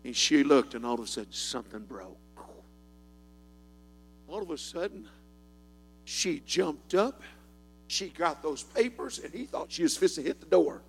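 An older man with a Southern US accent preaching a sermon in a folksy storytelling manner that builds into fervent shouting. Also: fairly high pitch, expressive, moderate pace, vocal fry, pauses often, husky. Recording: long hall reverb.

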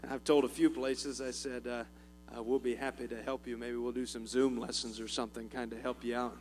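A man with a Southern US drawl speaks to a congregation in a relaxed, folksy way, full of small jokes and "uh"s. His voice rings out in a long reverb, and soft music and a low mains hum sit behind it. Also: a little fast. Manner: folksy, joking, chuckles often, many "uh" fillers. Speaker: missionary speaking to a church. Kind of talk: informal church talk with humor.

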